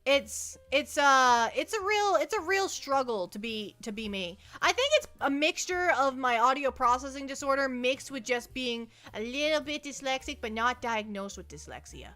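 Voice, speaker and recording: A woman's voice: high-pitched, expressive, normal speed, few pauses, pushed and bright. A young woman chatting casually on a livestream, rambling and self-deprecating, often tripping over and repeating her words into a close desk mic. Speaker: VTuber streamer.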